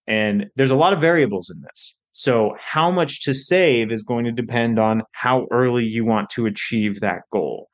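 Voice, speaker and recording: A man who works as a financial advisor, hosting a casual educational podcast episode and explaining budgeting in a conversational way with frequent restarts. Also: medium pitch. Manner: conversational, with fillers and restarts, quick bursts.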